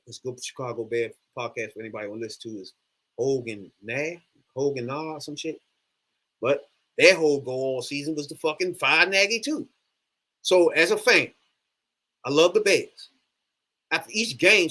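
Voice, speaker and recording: Man, sports fan vlogger, casual rant, profane, exasperated, bright sharp tone. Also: fairly high pitch. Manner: animated, profane, exasperated ranting. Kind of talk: casual ranting monologue.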